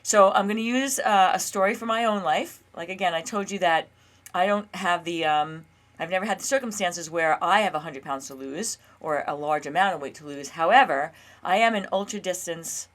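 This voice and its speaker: A woman in her fifties who hosts her own show as a health and weight loss coach talks casually and earnestly to camera on her own. Her voice is lowish and fairly bright at a normal speed, and she sometimes acts out her inner dialogue.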